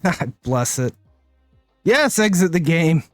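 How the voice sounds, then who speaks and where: A man's voice: fairly high pitch, big pitch swings, slow pace, dry recording, studio quality, soft background music. A man streaming a card game live, thinking aloud in casual commentary and often tagging his lines with "right?".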